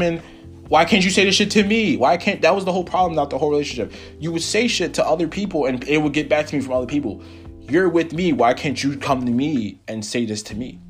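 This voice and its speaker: Profane young man telling a story. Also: a little high. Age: young adult. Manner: animated, profane, quotes people in his own voice. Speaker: podcast host. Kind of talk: casual storytelling monologue.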